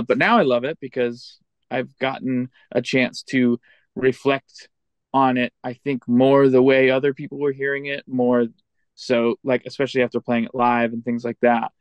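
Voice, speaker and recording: A man chatting as a guest musician in a relaxed interview, candid and a little self-deprecating as he looks back. His voice sits at an ordinary middle pitch. The sound is close and dry, with no room around it. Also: moderate pace, clean tone, no echo, dull audio. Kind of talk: casual interview chat.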